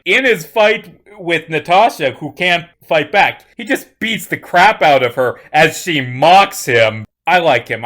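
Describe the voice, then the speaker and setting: A man's voice: fairly high pitch, a bit bright. A man co-hosting a podcast, recapping a film plot in a loose, blunt way with casual swearing. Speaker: podcast co-host. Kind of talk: casual film review chat.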